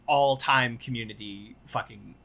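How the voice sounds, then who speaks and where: Bright-voiced, enthusiastic podcast co-host. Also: medium pitch, measured pace, vocal fry, slight background noise. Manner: enthusiastic, swears often. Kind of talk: casual chat.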